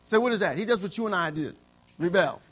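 A man's voice: high-pitched, expressive, fast, a bit bright. A man preaching a sermon, asking for amens and acting out little scenes. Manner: call-and-response preaching, frequent amens, acts out voices in anecdotes. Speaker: pastor.

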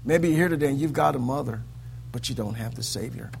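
A man preaching a sermon in a church, swinging from hushed lines to loud, sing-song peaks. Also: medium pitch, fast, vocal fry, slight background noise.

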